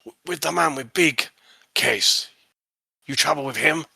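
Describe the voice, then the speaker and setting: A man voicing a gruff, suspicious male customs official who asks clipped, broken questions. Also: fairly high pitch, a little slow, sharp tone, dry recording, studio quality, pitched above the performer's own voice, heavily acted.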